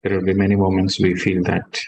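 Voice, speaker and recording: Calm low-voiced meditation teacher. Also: male voice, gravelly, poor audio. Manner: calm, measured, stresses key words. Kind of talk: guided meditation and spiritual talk.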